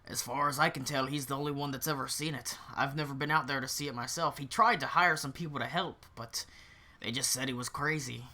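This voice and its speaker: A man's voice: mid-range voice, steady tone, brisk, bright, forceful tone. A man voicing a weary, friendly tavern bartender who speaks in a resigned, easy way.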